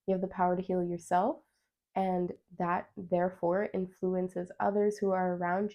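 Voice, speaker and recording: Female tarot reader, mellow with a gravelly edge, chatty and encouraging, talks straight to viewers. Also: lowish voice, flat delivery, moderate pace. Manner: chatty and encouraging, reads card meanings aloud; addresses viewers directly. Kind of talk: pick-a-card tarot reading to camera.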